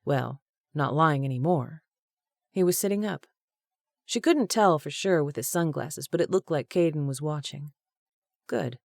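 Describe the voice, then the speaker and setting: A woman narrates a romance audiobook with a steady, even storytelling manner. Her voice is low and warm-toned, recorded dry and close. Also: measured pace, vocal fry, long pauses, dry recording. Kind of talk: scripted narration.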